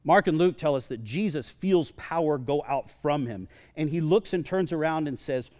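A pastor with a slightly high voice preaches to his congregation in a church sanctuary, speaking at a moderate pace with hardly any pauses. He's lively and conversational, joking with the crowd, and the recording carries the long reverb of a large hall.

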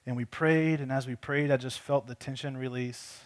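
A man's voice: medium pitch, steady tone, normal speed. A man preaching a conversational sermon, telling a personal story earnestly and often repeating words as he restarts his sentences. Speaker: pastor.

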